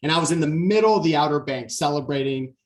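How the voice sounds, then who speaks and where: A man in his forties giving a motivational keynote talk, telling stories in an animated way and acting out the quotes. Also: fairly high pitch, fast. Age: 40s. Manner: animated storyteller, acts out quotes. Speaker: keynote speaker.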